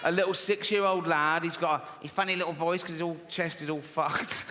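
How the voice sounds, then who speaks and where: A man's voice: a little high, fairly even intonation, fairly quick. A man doing a stand-up comedy routine, brash and profane, ranting with mock outrage. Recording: live venue reverb with audience noise.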